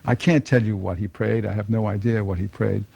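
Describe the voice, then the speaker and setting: A man's voice: on the low side, fairly even intonation, fairly quick, gravelly, dark tone, breathy edge, dry recording. An older man telling a personal conversion story to an audience, folksy and chuckling often. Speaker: speaker giving a personal testimony.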